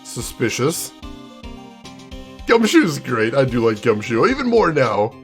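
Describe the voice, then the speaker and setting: A man's voice: mid-range voice, big pitch swings, slow, soft background music. Easygoing male gaming commentator. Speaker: let's play streamer. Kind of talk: casual game commentary.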